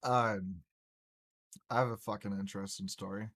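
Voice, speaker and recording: A man's voice: fairly low pitch, steady tone, normal speed, a bit bright. A man hosting a podcast, telling a long anecdote in a rambling, profane way with frequent restarts. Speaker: podcast host. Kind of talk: casual storytelling chat.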